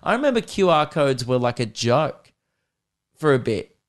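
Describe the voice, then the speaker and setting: An Australian man in his twenties hosts a casual podcast, spinning loose, profane comic stories that wander off and circle back. His voice sits at an ordinary middle pitch for a man, picked up on a close studio mic. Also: big pitch swings, moderate pace. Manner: rambling, profane comic storytelling. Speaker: podcast host.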